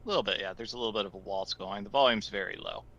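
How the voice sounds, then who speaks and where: Man, game master, tabletop narration, theatrical, descriptive, bright tone. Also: on the low side, very fast, muffled recording.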